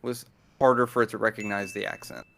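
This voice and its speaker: A man's voice: fairly low pitch, fairly even intonation, fast, vocal fry, a bit bright, a little hiss or hum. A man in his thirties or older, a deaf guest explaining things patiently in casual conversation. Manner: patient, explanatory, chuckles while talking. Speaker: deaf guest on a study stream.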